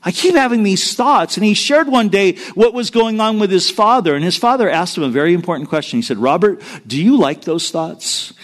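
A middle-aged man preaching a sermon, telling a personal story in an earnest way that moves between hushed and emphatic. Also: high voice, lively intonation, a little fast, hardly any pauses. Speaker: pastor.

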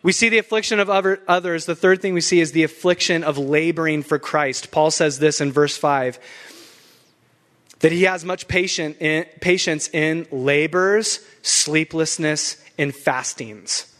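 A man's voice: on the high side, a little slow, fairly bright tone. A young adult man preaching a sermon as pastor, emphatic and fired up, with laughs between points.

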